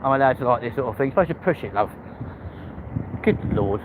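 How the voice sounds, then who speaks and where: A man's voice: medium pitch, animated, fairly quick, narrow, tinny audio, noisy background. A man with a London accent, live-streaming as he walks city streets and chatting cheekily with viewers, swearing freely. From England. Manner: cheeky, sweary, chats to the live chat while walking.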